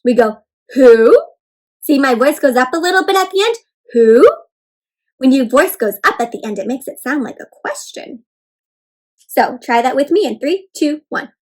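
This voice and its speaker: A woman reading a picture book aloud to children in an animated, teacherly way, asking them to point and say words along with her. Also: high voice, a little fast. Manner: animated, teacherly, prompting kids to join in. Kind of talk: interactive read-aloud for kids.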